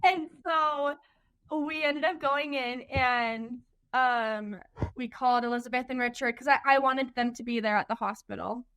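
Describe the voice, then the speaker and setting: A young woman in her twenties appears as a guest on an interview show, emotionally recounting her own birth story and growing tearful at moments. She fills her speech with "like" and "um" and quotes other people. Her voice is fairly high, fairly bright and smooth, at a normal speed.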